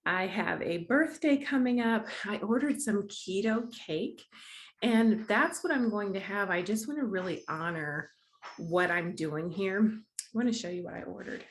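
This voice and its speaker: A woman's voice: mid-range voice, unhurried, slight background noise. Bubbly, chatty woman vlogging. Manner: chatty and bubbly, laughs often, restarts sentences. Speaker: vlogger, host of a diet challenge series. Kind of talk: casual chat to camera.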